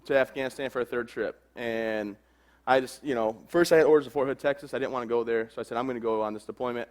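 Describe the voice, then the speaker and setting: Speaking to a crowd, a former soldier in his thirties shares his own experiences openly and without frills, tossing in brief asides. His delivery is rapid and his voice sits mid-register.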